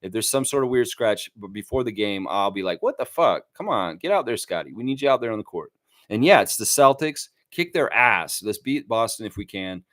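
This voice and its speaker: A man hosting a casual fan livestream, rambling and animated as he talks to his chat. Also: mid-range voice, dry recording. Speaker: fan channel host.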